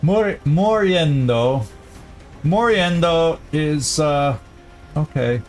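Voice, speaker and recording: A man with a slightly high voice talks through his game, chatty and thinking aloud as he plans each move. He laughs easily and keeps a casual, friendly flow. Faint music plays under him. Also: lively intonation, extremely slow, darkish tone. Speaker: gaming channel host. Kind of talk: let's-play commentary.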